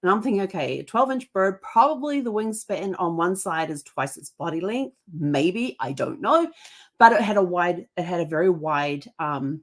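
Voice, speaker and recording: Woman podcast host, slightly low voice, casual rambling storyteller with lots of restarts. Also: lively intonation, moderate pace. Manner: rambling, with many restarts and fillers.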